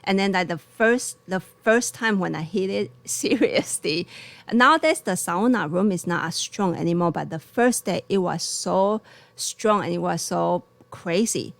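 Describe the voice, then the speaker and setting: Gravelly-voiced woman chatting about tea. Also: on the low side, animated, measured pace, no echo. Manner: laughs often, loose non-native grammar. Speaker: tea shop co-host. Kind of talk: casual live-stream chat.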